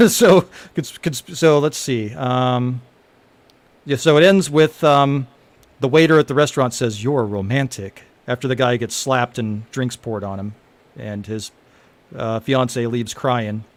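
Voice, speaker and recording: Brief: man reading his own screenplay aloud to friends, halting, chatty, full of fillers. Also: medium pitch, no echo. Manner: halting, laughing, many fillers. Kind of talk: casual script reading to friends.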